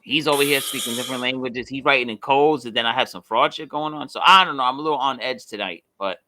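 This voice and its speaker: A man's voice: mid-range voice, fast, bright, forceful tone. A man co-hosting a casual podcast, telling stories with lots of swearing and acting out the voices of people he quotes. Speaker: podcast co-host. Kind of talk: casual chat.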